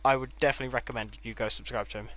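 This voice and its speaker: A man's voice: mid-range voice, steady tone, racing, a bit bright. A man giving a casual, rambling tour of his game builds, with offhand delivery and dry sarcastic asides. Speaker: gaming creator.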